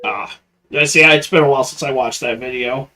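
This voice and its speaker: A man's voice: mid-range voice, a little fast, sharp tone. Blunt, opinionated man in casual chat. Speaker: podcast co-host.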